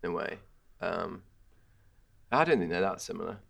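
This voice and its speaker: A man guesting on a film podcast, chatting in a relaxed, easygoing way. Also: low-pitched, moderate pace, creaky. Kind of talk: casual film chat.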